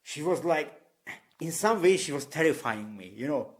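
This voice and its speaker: A man's voice: a little high, expressive, normal speed. Man from Eastern Europe telling stories. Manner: candid anecdotal telling, laughs at himself; non-native English with loose grammar. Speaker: vlogger. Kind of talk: personal storytelling to camera.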